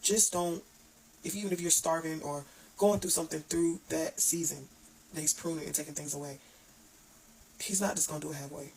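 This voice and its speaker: A woman's voice: low voice, fairly even intonation, darkish tone, breathy edge, low-quality recording. A woman giving an earnest, informal devotional talk, with restarts and stumbles over her words. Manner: reads scripture aloud haltingly. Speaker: online devotional speaker.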